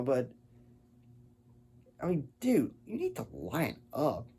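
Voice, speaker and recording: A man's voice: mid-range voice, wildly swooping pitch, slow pace, mellow, slightly rough. Rambling man reviewing a film. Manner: rambling, stumbles over words.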